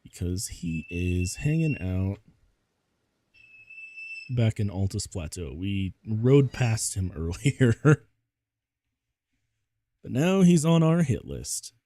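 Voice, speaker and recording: A man's voice: on the low side, sing-song, slow, pauses often, mellow, slight background noise. A man giving casual gameplay commentary as a VTuber, rambling and laughing often at himself.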